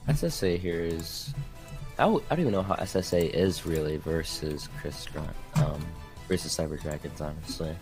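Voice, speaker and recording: Deep-voiced man casting a card game. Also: moderate pace, darkish tone, soft background music. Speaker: esports caster. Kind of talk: casual live game commentary.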